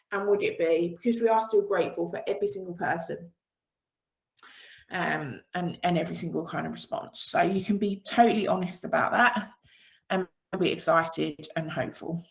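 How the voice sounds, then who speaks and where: A woman of middle pitch leads an online training session as a business coach. She talks in an upbeat, encouraging way and laughs easily. Her voice rings in a roomy, echoey space. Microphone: video call with screen sharing.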